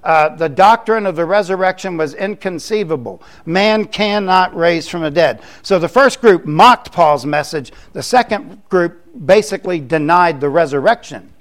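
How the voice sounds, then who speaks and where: A man's voice: high voice, normal speed, few pauses. An older man from Florida, preaching a sermon in a conversational way, with joking asides. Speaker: pastor.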